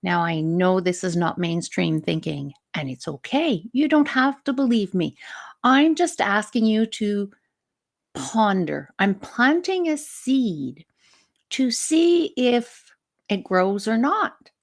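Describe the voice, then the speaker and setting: Woman, middle-aged, stress coach, live show talk, slow, gravelly, reflective, asks questions. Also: medium pitch, very animated. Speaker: teacher.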